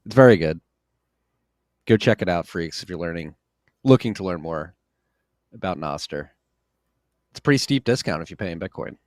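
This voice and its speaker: A man's voice: low-pitched, expressive, moderate pace, long pauses, a little mellow, no room sound, clean studio sound. A man hosting a podcast in casual, jokey chat, a little tired after a workout. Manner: laid-back, jokey. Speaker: podcast host.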